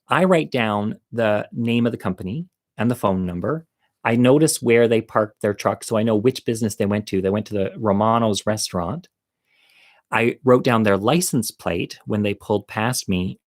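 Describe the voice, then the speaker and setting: A man telling a personal story, animated and swearing freely, acting out his own shouting with sharp jumps in pitch.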